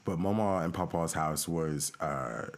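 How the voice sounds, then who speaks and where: A man telling family stories in a casual, animated chat, often slipping into impressions. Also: rumbling low, unhurried. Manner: animated storytelling, with frequent impressions. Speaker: family storyteller.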